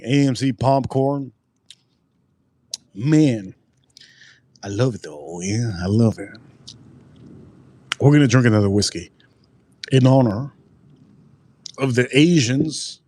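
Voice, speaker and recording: A man's voice: mid-range voice, mellow, dry recording. A man hosting a casual live stream, rambling and repeating his phrases as he talks straight to his chat. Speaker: livestream host reviewing drinks.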